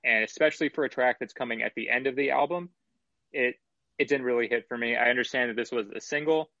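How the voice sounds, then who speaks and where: A man hosting a casual album review chat, talking in an analytical and measured way with some swearing. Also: medium pitch, sharp tone, dry recording, muffled recording.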